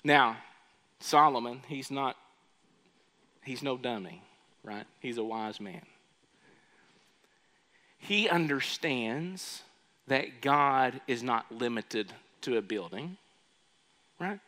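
A male pastor preaching a sermon, often asking the congregation questions and shifting his loudness. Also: mid-range voice, animated, slow, pauses often. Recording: long reverb of a large hall.

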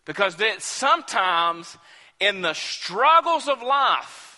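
A man's voice: sits high, bright, forceful tone. A male pastor preaching a sermon with emphasis, often repeating words as he builds a point. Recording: echoey hall.

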